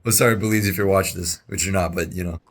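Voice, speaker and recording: A young man giving casual reaction commentary, excitable and rambling, with slangy exclamations, recorded on an earbud mic. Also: low voice, racing. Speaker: reaction video host. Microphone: wireless earbud mic.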